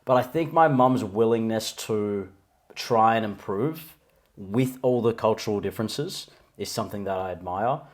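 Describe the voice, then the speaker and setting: A man's voice: on the low side, animated, normal speed. A young man co-hosting a podcast, talking candidly in casual chat with many restarts. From Australia. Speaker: podcast co-host.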